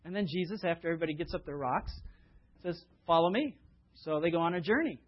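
Male preacher, conversational sermon, rhetorical questions, slightly high husky voice, dull lo-fi sound. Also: quick pace. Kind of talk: sermon with storytelling.

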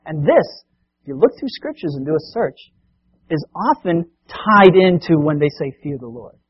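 A man preaching a sermon, telling a Bible story with animated delivery and acting out the voices of the people in it. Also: on the high side, normal speed, slightly rough, lo-fi sound. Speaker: pastor.

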